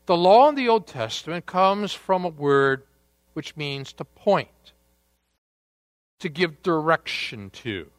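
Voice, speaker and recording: Slow, deliberate man preaching a sermon. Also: a little high, animated, no echo. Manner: deliberate, with dramatic pauses and emphatic rises. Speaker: pastor.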